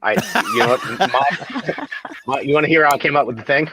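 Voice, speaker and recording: A man's voice: medium pitch, fairly quick, bright, forceful tone. A man, a voice actor, telling a funny story casually and laughing often. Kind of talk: casual anecdote.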